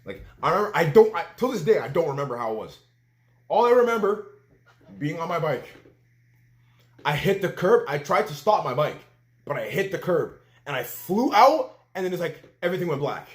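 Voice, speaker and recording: Young man, storytime vlog, lively swooping pitch, chatty, lots of fillers, acts out his own lines. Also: fairly quick. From Canada. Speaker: vlogger.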